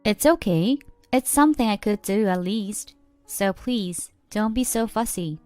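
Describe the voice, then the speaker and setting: A woman voicing a young male doctor who speaks calmly and reassuringly, in a read-aloud story. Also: medium pitch, unhurried, no room sound, faint music behind, natural voice. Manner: calm, reassuring. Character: calm kind doctor, young man.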